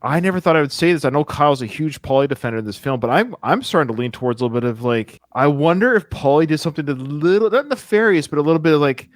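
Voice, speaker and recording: Male podcast host, quick and a bit high, eager film talk, dry close mic. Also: dry recording. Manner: enthusiastic, rapid, animated. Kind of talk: casual film discussion.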